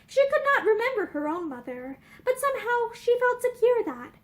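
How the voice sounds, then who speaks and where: A young woman reading a novel aloud with expressive storytelling narration. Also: very high-pitched, normal speed. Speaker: reader. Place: indoor room with bookshelves.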